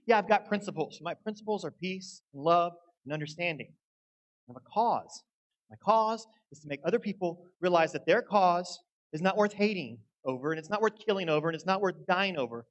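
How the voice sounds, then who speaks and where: A man's voice: sits high, animated, fairly quick, rough recording. A young man preaching a sermon, folksy and earnest as he tells a story. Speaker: guest preacher.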